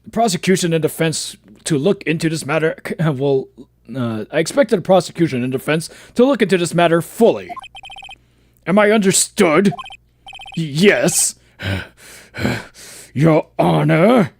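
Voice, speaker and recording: Formal old game judge, gravelly and lively in pitch, as a man puts him on. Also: a little slow, slight background noise. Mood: stern. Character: stern older male judge.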